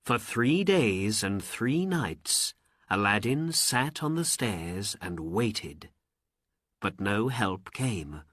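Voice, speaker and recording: A male storyteller narrates a story for learners very slowly, deliberately, and expressively, his pitch swinging widely. His breathy voice is close to the mic with no echo or room sound.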